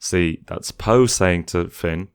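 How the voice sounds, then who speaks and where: A deep-voiced man talks loosely through a movie as he watches it. His delivery is chatty and informal, and now and then he slips into a mocking voice to quote critics. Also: slow pace, smooth. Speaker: film commentator. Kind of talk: casual film commentary.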